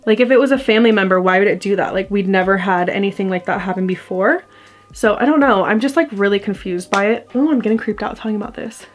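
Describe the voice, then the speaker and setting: A woman's voice: mid-range voice, fast, faint music behind. A young adult woman telling a ghost story to her camera in a casual, rambling way, full of fillers. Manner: chatty, rambling, heavy use of "like". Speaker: vlogger. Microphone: camera mic.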